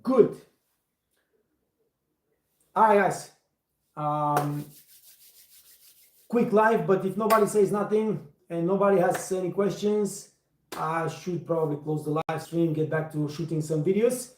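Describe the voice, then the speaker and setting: Hosting a casual livestream, this waiter trainer speaks with emphasis, doubling up words for stress and using non-native phrasing. He has a slightly high voice and a measured pace, in an echoey room with slight background noise.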